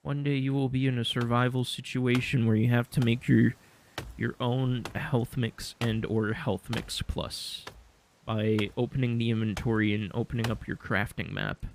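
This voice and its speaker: Brief: streamer voicing a stern father handing out survival wisdom, mock-solemn, in an everyday mid-pitched voice. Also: fairly even intonation, normal speed, a little hiss or hum, natural voice. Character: a stern advice-giving father talking to his son.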